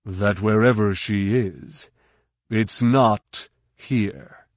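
A man voicing a sly, smooth-talking male security officer, amiable on the surface and quietly menacing. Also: lowish voice, drawn-out words, dry recording, clean studio sound.

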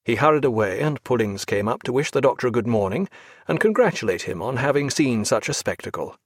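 A male audiobook narrator with a measured, expressive reading style. His voice rises and falls a great deal across sentences. The recording is close and dry, with no room sound. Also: medium pitch, no room sound. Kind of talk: scripted narration of a naval novel.

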